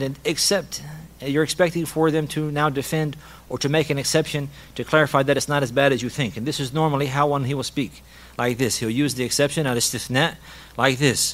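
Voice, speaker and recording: The lesson comes from a man with a medium pitch and a fairly bright tone, an Islamic teacher covering a hadith and Arabic rhetoric. Along the way he restates important phrases, uses Arabic terms, and laughs lightly.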